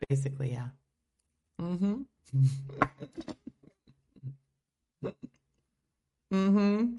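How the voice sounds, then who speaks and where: A woman hosts a casual livestream from her home, playfully reading out and riffing on viewer comments. Her voice sits a little low but has a bright, forceful edge, and it swoops widely up and down as she talks. She keeps the chat loose and joking. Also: expressive, measured pace, long pauses. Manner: playful, reads viewer comments aloud and riffs on them. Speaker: show host.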